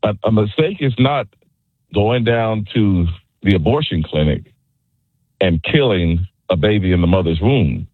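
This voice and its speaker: A man's voice: on the low side, animated, unhurried, breathy edge, no room sound. A man calling into a radio show over the phone, argumentative and insistent. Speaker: radio caller. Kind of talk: call-in radio talk. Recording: tinny phone line.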